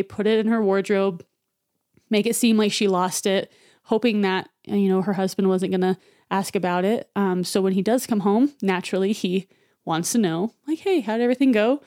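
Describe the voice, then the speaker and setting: Woman podcast co-host, chatty storyteller, smooth clear voice, mid-range pitch. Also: steady tone, normal speed, a little mellow. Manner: chatty, many fillers like "um" and "like". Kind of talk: casual storytelling retelling.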